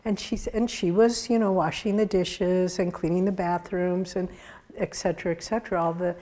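A woman giving a sermon-style talk, telling spiritual stories in an earnest way with soft laughs. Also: on the low side, steady tone, moderate pace.

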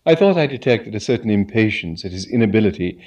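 Man playing a hushed unflappable valet, formal, measured, low and soft. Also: animated, muffled recording.

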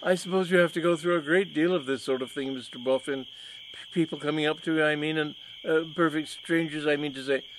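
A man's voice: fairly high pitch, fairly even intonation, fairly quick, a little hiss or hum, voice pushed up, lightly acted, rough recording. A man doing Lord Rumbelow, a stammering elderly aristocrat. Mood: nervous. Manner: stammering, nervous, overly polite. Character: diffident, shy silvery-haired elderly aristocrat lord.

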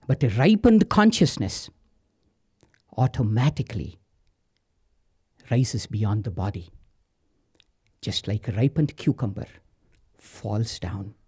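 A man's voice: mid-range voice, dark tone, breathy edge. A man telling a story dramatically, dropping to whispers and speaking to the listener.

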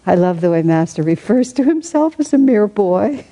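Mellow-voiced woman reading and reflecting. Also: mid-range voice, big pitch swings, normal speed, rough recording. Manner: reflective, thinking aloud with soft laughs. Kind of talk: reading aloud from a spiritual book with commentary.

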